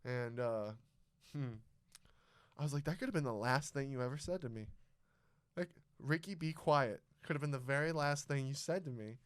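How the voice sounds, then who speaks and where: A young man hosting a casual podcast, telling a story loudly with plenty of swearing. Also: medium pitch, normal speed, pauses often, clean tone, no echo, studio quality. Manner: loud, swearing, animated storyteller. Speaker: podcast host. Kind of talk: casual chat.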